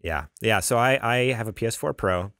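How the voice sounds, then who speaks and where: A young man rambles through a casual podcast chat, animated and quick to laugh, often restarting his sentences. His voice sits low and deep. The sound is dry and close, with no room around it. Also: no echo. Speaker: podcast co-host.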